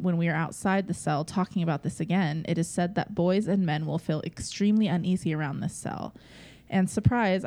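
Relaxed low-voiced woman podcaster. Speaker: podcast co-host. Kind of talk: casual chat and reading listener emails.

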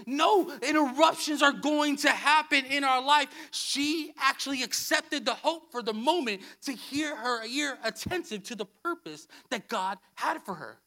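A man preaching a sermon, emphatic, repeating key phrases and swinging between soft, low passages and loud bursts. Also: moderate pace, gravelly, few pauses. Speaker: pastor.

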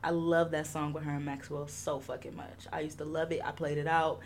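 A woman's voice: sits low, fairly quick, a little hiss or hum. A young woman hosting a podcast, chatting casually with lots of laughter and swearing. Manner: animated, laughing, profane. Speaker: podcast host.

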